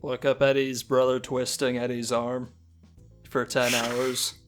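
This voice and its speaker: A man's voice: mid-range voice, monotone, unhurried, music in the background. A man co-hosting a comedy podcast, chatting casually and riffing on the story with a chuckle. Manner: laid-back, chuckling, riffs on the story. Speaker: podcast co-host.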